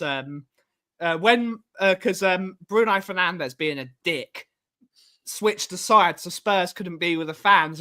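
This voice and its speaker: A man's voice: high-pitched, pushed and bright. A man from Wales co-hosting a fan livestream, chatting casually and greeting viewers in the chat.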